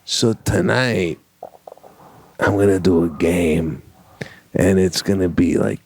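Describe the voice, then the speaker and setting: Man, low voice, dry close sound, casual podcast chat, storytelling. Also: slow, vocal fry, husky, dry recording. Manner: storytelling, animated, slangy. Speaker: podcast co-host.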